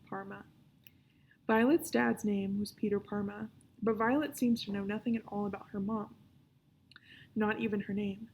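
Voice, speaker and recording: A woman's voice: mid-range voice, vocal fry, warm tone, a little hiss or hum. A woman who works as a children's librarian, reading a children's novel aloud and talking to young listeners in a friendly, upbeat way. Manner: friendly, upbeat sign-off to kids.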